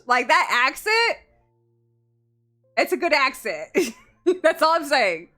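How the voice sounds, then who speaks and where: Giggly bright-voiced woman streamer. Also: sits high, big pitch swings, drawn-out words, long pauses, faint music behind. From United States. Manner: giggly, playful, teasing chat. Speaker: VTuber streamer. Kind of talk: casual live-stream chat.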